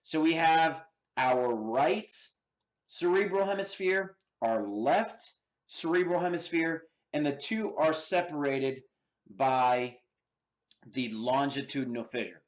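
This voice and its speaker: Slow, deliberate American man teaching anatomy. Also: a little high. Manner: slow and deliberate, checks in with okay and all right. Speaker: anatomy instructor. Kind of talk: lab demonstration lecture.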